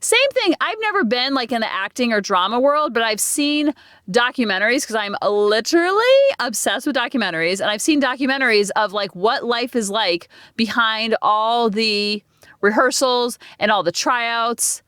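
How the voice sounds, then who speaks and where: Chatty woman with a lively, high voice. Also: normal speed, no room sound, studio quality. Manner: chatty, self-deprecating, dramatizes old stories with quoted voices. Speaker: podcast host. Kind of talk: casual solo podcast monologue.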